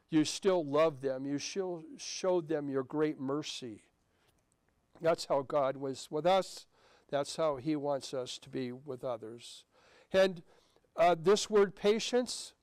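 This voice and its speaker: A man's voice: a little high, darkish tone, clean tone, dry recording. A middle-aged male pastor giving a sermon in a conversational way, telling a personal story and reading scripture.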